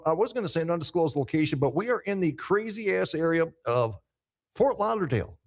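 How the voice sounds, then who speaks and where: His voice sits fairly high, with lively intonation and a slightly fast pace. He's a podcast host tossing off casual, profane pre-show chat to himself and his listeners as he sets up a live show in a big echoey room.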